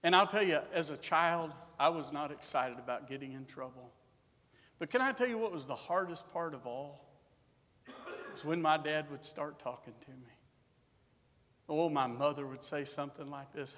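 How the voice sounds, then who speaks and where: Male preacher, high bright voice, revival sermon with loud and quiet swings, hall reverb. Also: lively intonation, normal speed. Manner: swings from quiet to loud preaching, quotes scripture in old English. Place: church.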